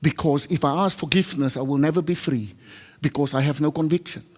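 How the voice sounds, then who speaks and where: A South African man preaches, and his speaking voice sits a little high. He tells a story and acts out each exchange with vivid voices, while a long reverb from a large hall trails after his words. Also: steady tone, brisk. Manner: switches between Afrikaans and English, acts out dialogue loudly. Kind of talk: sermon storytelling.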